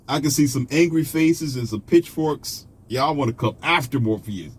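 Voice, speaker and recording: A man's voice: mid-range voice, normal speed, hardly any pauses, slight background noise. A man delivering a confrontational, mocking monologue to his viewers, scolding them and preaching his own predictions. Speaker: online commentator. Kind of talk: ranting monologue.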